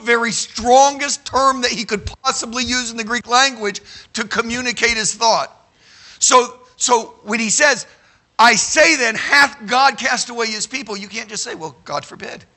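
Guy preaching to a room, high voice, really bright and cutting, keeps going "okay?". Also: a little slow. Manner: animated, addresses the room with frequent "okay?"; shouts for emphasis. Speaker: Bible teacher. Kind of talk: sermon. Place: room with a live audience.

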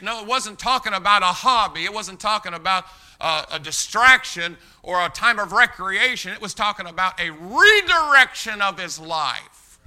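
An emphatic male preacher with a very bright, sharp tone and a slightly high pitch. He reads scripture in old biblical wording, then preaches with loud bursts that drop back to quiet lows. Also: lively intonation, normal speed, clear, resonant tone. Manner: emphatic, rising to loud bursts and dropping low. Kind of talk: sermon with scripture reading and prayer.

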